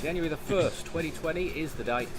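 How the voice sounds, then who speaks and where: A man voicing a mock weather bulletin presenter, reading in a deadpan, sarcastic way. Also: on the high side, quick pace, lightly acted. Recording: video clip with loud music behind.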